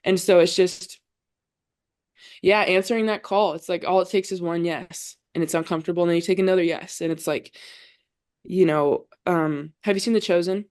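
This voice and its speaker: A woman's voice: fairly low pitch, fairly even intonation, moderate pace, darkish tone. A young adult woman, a podcast guest, talking earnestly about her faith in casual conversation and often saying "like.". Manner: earnest, heavy use of "like". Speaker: podcast guest, college volleyball player.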